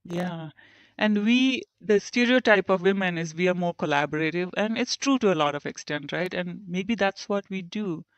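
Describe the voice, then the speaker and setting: A woman's voice: fairly low pitch, normal speed, no echo. A woman engineer speaks as a podcast guest, reflective and candid. She brings her stories to life by acting out what others said to her. The recording is dry and a touch muffled. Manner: reflective, tells stories and acts out quoted remarks. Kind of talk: conversational interview.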